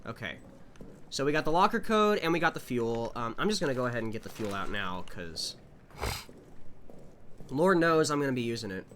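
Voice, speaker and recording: A man streaming a horror game live, talking to his chat in a lively, swooping voice. His tone is bright and forward. A faint hiss of noise sits under the recording. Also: medium pitch, a little fast, pauses often. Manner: animated, chatty, talking to chat. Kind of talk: live gameplay commentary.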